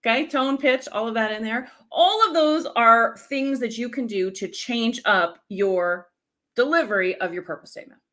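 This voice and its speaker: A middle-aged woman from the United States, an energetic speaking coach teaching a live-stream lesson and checking in often with the viewers. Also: a little high, moderate pace.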